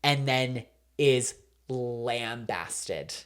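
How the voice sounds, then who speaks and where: A woman's voice: extremely low pitch, lively intonation, extremely slow, clean tone. A woman co-hosting a podcast, chatting casually and telling stories animatedly, with lots of "like" fillers. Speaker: podcast co-host. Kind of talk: casual chat.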